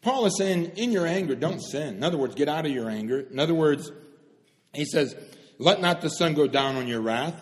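Man, preacher, sermon, emphatic then hushed, slightly high-pitched, echoing church hall. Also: animated, normal speed. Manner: fervent, swings from loud emphatic stresses to hushed, solemn lows. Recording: long hall reverb.

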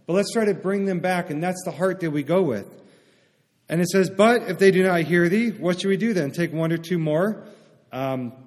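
Conversational preacher in an echoing hall. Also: male voice, fairly high pitch, a little mellow. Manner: conversational, asks the congregation "right?". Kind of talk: sermon. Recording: long reverb of a hall.

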